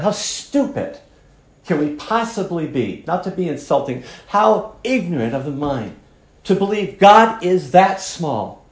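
A man's voice: medium pitch, reverberant. A man preaching a sermon as pastor, emphatic and growing fervent as he drives his points home.

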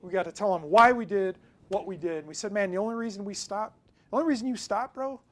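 A man preaching a sermon in a casual, conversational way, telling a personal story and swinging between loud emphasis and quiet asides. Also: high-pitched, fast. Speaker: pastor.

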